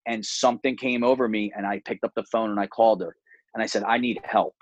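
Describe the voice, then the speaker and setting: A man in his forties, a martial arts gym owner, telling his story candidly as an interview guest, earnest and quick, often repeating words. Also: fairly low pitch, fairly even intonation, no room sound, highs cut off.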